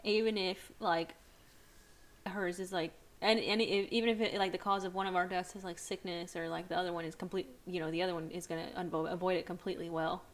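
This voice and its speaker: A woman's voice: lowish voice, flat delivery, fast. A young woman co-hosting a podcast in casual chat, telling stories with dramatic retellings and swearing freely. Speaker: podcast co-host.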